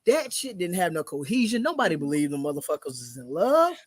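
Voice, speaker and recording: A man's voice: high-pitched, sing-song, fast talker, slightly rough. A man co-hosting a casual podcast, ranting in a heated, profane way. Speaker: podcast co-host.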